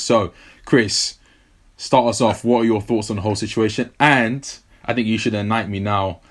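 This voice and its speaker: A man with a South London accent co-hosting a casual sports podcast, chatty and quick to laugh, full of "you know what I mean". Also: fairly low pitch, steady tone. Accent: South London English. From England. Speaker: podcast co-host.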